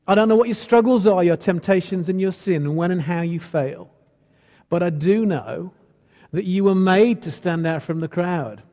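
A man's voice: high-pitched, warm tone. A man preaching a sermon in a church, earnest and building to emphatic repeated lines. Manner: earnest, rising to emphatic repetition. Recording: long hall reverb.

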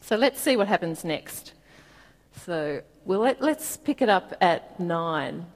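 Gentle woman preaching in a reverberant hall. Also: fairly low pitch, expressive, takes it slowly. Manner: gentle, reflective, laughs softly at times. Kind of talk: sermon with Bible reading.

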